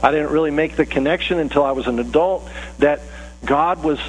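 A man preaching a sermon and telling a story in a relaxed, conversational way, with fillers and restarts. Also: a little high, brisk, husky. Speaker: pastor. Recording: long reverb with faint hum.

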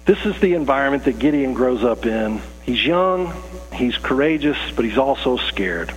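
A pastor delivers a conversational sermon to his congregation in a church sanctuary, his medium-pitched voice expressive and at normal speed. He breaks off his sentences and acts out the voices of people in the story, and the low-quality recording has a little hiss or hum.

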